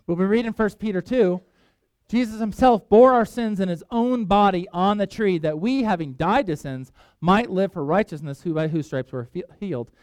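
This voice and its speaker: A man's voice: high-pitched, moderate pace, darkish tone, smooth, dry recording. A middle-aged man, a pastor preaching a conversational sermon, acting out quoted voices and restarting sentences as he goes.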